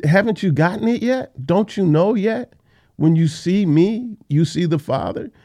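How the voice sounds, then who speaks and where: A man's voice: sits high, lively intonation, measured pace, mellow, no echo, pitched above the performer's own voice. A man voicing an exasperated male teacher pressing his followers, with a raised and insistent delivery. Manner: raised, insistent, repeating questions.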